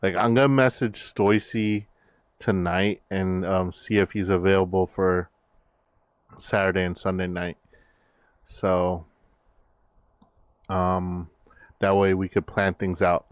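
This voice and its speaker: A man's voice: sits low, little pitch movement, slow, long pauses, clean tone, no room sound. A man chatting casually on his stream, rambling with many fillers and restarts. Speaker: VTuber streamer.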